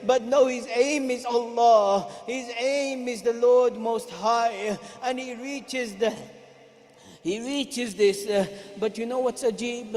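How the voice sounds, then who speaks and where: A man with a very high voice delivers a mourning sermon, breaking from plain speech into chanted and cried-out laments. His voice rings through a big mosque hall with a long reverb. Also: fairly even intonation, slow, darkish tone. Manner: chants and cries out lines in a mourning melody. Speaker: preacher.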